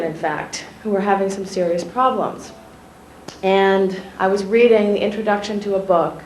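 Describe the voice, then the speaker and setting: A woman journalist telling schoolchildren a personal story in an animated way, often asking them questions directly. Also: mid-range voice. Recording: echoey room, faint ambient noise.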